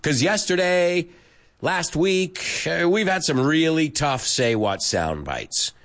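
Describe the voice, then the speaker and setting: A man's voice: a little high, lively intonation, takes it slowly, fairly bright tone. A man teaching English to Spanish speakers in a casual, chatty way, laughing often and switching into Spanish. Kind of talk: casual online lesson.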